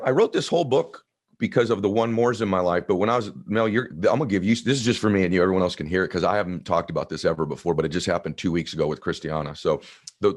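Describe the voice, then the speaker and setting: A man in his fifties with a deep voice, telling a personal story in an earnest, heartfelt way during an interview. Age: 50s. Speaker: guest author. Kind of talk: emotional storytelling in conversation.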